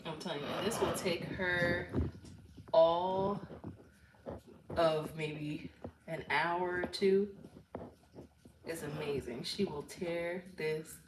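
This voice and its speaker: A woman's voice: on the low side, fairly even intonation, takes it slowly, long pauses, recorded from a distance. An older woman hosting a casual livestream, chatting straight to her viewers from home on a phone camera. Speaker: livestream host. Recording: echoey room, voice off-mic, faint noise.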